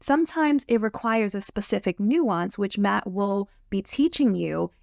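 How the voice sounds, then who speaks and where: Gravelly-toned eager woman host. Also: medium pitch, expressive, a little slow, a little mellow, dry recording, clean studio sound. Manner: upbeat, eager, fillers and restarts. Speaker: host, sound therapy course creator. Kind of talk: enthusiastic course promo chat.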